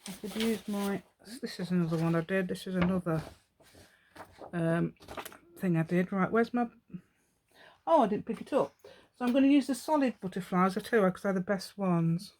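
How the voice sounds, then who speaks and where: Woman, crafter, chatty craft demo, rambling, talks to herself, medium pitch, at home. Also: normal speed, pauses often, a little mellow, slight background noise.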